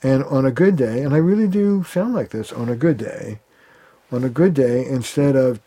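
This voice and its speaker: Male therapist guest: mellow, relaxed tone; lively storyteller who slips into quoted voices. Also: medium pitch, moderate pace. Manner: animated, acts out quoted arguments. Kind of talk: conversational interview.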